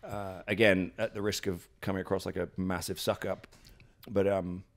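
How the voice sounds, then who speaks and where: Low-voiced british guy telling stories at home, lots of "like"s and restarts, acts out quotes. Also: flat delivery, moderate pace. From Britain. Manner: rambling, many fillers and restarts, acts out quotes. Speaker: guest, professional wrestler. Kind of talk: casual interview storytelling. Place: at his house.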